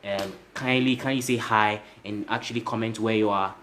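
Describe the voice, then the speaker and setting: Addressing his livestream audience directly, this male motivational speaker shares a story, repeating points and tagging lines with "right?". He talks at a moderate pace in a fairly low, fairly even, slightly bright voice, with slight background noise.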